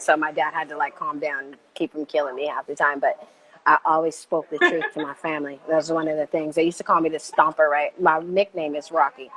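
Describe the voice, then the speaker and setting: Woman guest, low-pitched, passionate and emphatic, rising in force on key points. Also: brisk, a crowd in the background, poor audio. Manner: emphatic and animated, gets louder when making a point. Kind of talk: passionate conversational interview.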